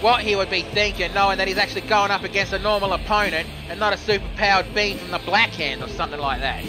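A man giving live play-by-play commentary on a simulated wrestling show, excitable and joking, swearing casually. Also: high voice, quick pace. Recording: music playing behind.

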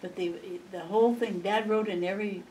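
A woman's voice: mid-range voice, fairly even intonation, brisk, darkish tone. An older woman being interviewed, reminiscing in a chatty, rambling way and laughing often. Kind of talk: reminiscing storytelling. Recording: distant mic, faint background noise.

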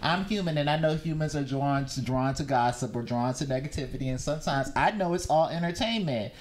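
A woman co-hosting a podcast, trading quick wry remarks in casual chat. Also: low-pitched, a little mellow, a little hiss or hum.

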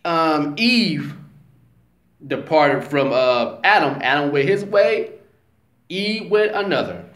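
Man vlogging on scripture, high-pitched, slow and emphatic, in an echoey room. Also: animated, fairly bright tone. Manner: slow, emphatic, conversational, says "you know what I'm saying". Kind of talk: casual religious talk. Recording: roomy echo.

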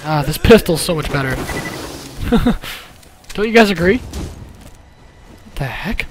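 A let's play gamer commentating excitedly, laughing and yelling at enemies. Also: mid-range voice, slow, background noise. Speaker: game player. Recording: gameplay audio behind.

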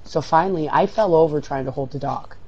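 A man's voice: fairly high pitch, fairly quick, breathy edge, dull audio. Foul-mouthed man telling a rambling story. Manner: swears constantly, loud outbursts when losing. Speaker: co-player. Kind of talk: casual gaming chat.

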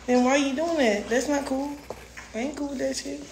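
A woman arguing on a livestream, fast and repetitive, with a confrontational edge. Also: sits high, fairly even intonation, darkish tone. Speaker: livestream participant. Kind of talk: heated livestream argument. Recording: echoey livestream room with background noise.

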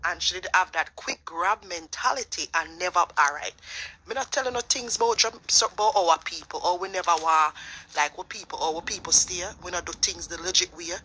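A Jamaican speaker chats casually in patois with a bright, sharp tone. The talk often trips over repeated words before pressing on. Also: medium pitch, brisk, slight background noise, poor audio. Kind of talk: casual commentary chat.

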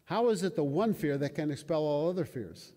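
A man's voice: fairly high pitch, lively intonation, a little fast, mellow. An older man preaching a sermon in a conversational way, often asking his listeners questions. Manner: conversational, asks the audience questions. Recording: long hall reverb.

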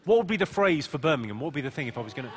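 Deadpan comic over roaring crowd laughter. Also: male voice, a little high, heavy background noise. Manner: deadpan, mocking, quick comebacks, puts on regional accents. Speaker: stand-up comedian. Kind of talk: live stand-up with crowd work. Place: large theatre stage. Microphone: stage microphone. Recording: live theatre recording with loud crowd laughter. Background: loud audience laughter.

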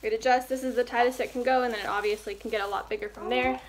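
A woman's voice: fairly high pitch, steady tone, very fast, slight background noise. A young woman talking casually and upbeat in a home vlog, recorded at home. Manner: chatty, upbeat, scolding the dog in between. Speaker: vlogger. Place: at home indoors.

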